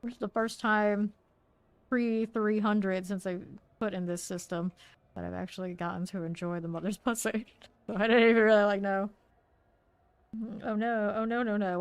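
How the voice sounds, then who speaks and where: A woman's voice: medium pitch, gravelly, clear, resonant tone, no room sound, poor audio. A woman game streamer chatting casually and playfully while she plays, laughing often and exclaiming. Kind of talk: casual chat while live gaming.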